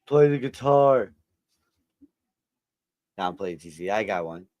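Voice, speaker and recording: A middle-aged man co-hosts a podcast, chatting casually during a watch-along over a home video-call mic, joking, teasing, and laughing a lot. His voice sits lowish with lively intonation, a little slow and a little mellow, and there's no room sound.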